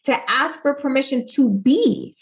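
A woman's voice: high voice, lively intonation, measured pace, creaky. A woman from Puerto Rico, an author talking earnestly and with emphasis in a casual interview. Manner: earnest, emphatic, acts out quoted voices. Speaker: author and guest.

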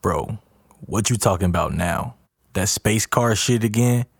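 A man's voice: lowish voice, unhurried, gravelly, husky, no room sound, studio quality, full character voice. A man voicing a cocky young man who mocks his cousin in street slang. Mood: mocking. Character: cocky young man, mocking tough guy.

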